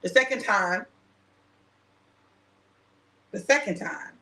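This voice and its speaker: A woman who is a minister and show host leads a casual chat, laughing as she tells a personal story and acts out the quoted dialogue. Her medium-pitched voice is slow, bright and forceful, with a roomy sound.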